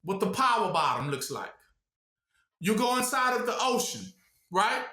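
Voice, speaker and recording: A man's voice: high-pitched, big pitch swings, moderate pace, pauses often, pushed and bright. A man teaching a small gathering in a loose call-and-response style, firing off rhetorical questions for them to answer, in casual everyday speech. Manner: rhetorical questions, congregation fills the blank. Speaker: preacher. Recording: echoey room.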